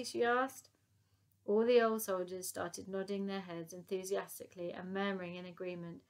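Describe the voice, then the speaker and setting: A woman narrating a children's audiobook in a lively, expressive reading. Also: medium pitch, a little fast.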